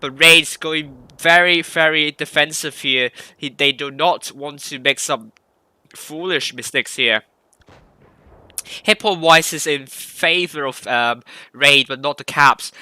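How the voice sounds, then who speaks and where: Bright, dry-voiced male game commentator. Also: fairly high pitch, slow pace, clean tone, dry recording. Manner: rambling, self-correcting play-by-play with hiccups. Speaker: esports caster.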